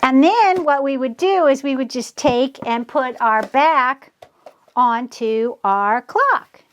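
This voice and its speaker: Chatty, high-voiced woman crafter. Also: lively intonation. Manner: gushing, gasps and squeals over her crafts; unhurried, chatty step-by-step explaining. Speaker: DIY craft channel host. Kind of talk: casual crafting tutorial.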